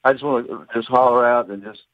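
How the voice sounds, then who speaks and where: Older man, phone caller, cheerful, halting speech, tinny phone line. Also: mid-range voice, fairly even intonation, dry recording.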